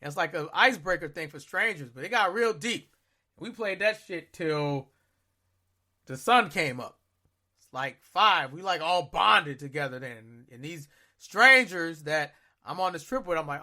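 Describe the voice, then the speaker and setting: A man co-hosting a podcast, recounting a trip in a loose, slangy, animated way. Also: a little high, moderate pace. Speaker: podcast co-host. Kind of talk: casual storytelling chat.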